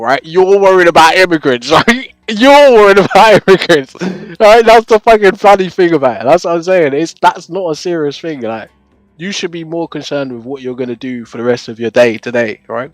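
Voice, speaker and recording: With no echo in the recording, a young adult man speaks in a voice on the high side. He's casually chatting with viewers on a live stream, laughing frequently, cursing, and tacking "right?" onto what he says.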